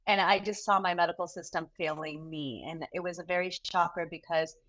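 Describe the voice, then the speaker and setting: A woman's voice: on the low side, steady tone, a little fast, fairly bright tone, poor audio. A woman neonatologist and mother of four, talking animatedly in a podcast interview and laughing often. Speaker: guest neonatologist. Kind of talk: conversational interview.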